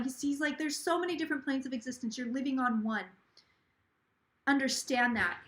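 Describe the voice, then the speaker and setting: A woman's voice: high-pitched, a little fast, roomy sound. A woman hosting a casual live stream from home, chatty and gushing, relaying a spirit's words in quotes. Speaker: psychic livestream host. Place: home, near a kitchen.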